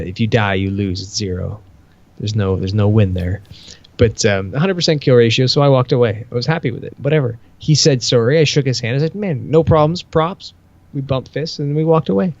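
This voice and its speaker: A man's voice: on the low side, gravelly, a little mellow, dull audio. A man co-hosting a casual podcast, telling long rambling stories, swearing freely and acting out quoted dialogue. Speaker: podcast co-host.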